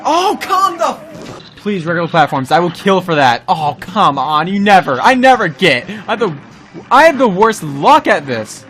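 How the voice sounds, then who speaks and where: Brief: excitable male gamer host, high pitched, bright, yelps at the game. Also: moderate pace, soft background music. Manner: talks to himself and the enemies. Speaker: gaming YouTuber. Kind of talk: excited gameplay commentary.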